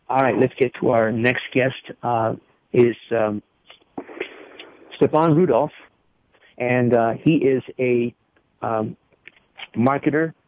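A male radio show host talking casually, rambling and spelling out contact details letter by letter. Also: mid-range voice. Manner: rambling, spells things out slowly. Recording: tinny phone-like radio audio.

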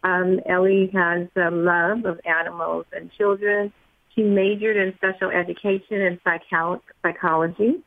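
Gravelly hesitant woman co-host. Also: on the low side, steady tone, unhurried, no echo. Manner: hesitant, with many ums. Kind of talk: reading a guest introduction. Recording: tinny dry phone-line sound.

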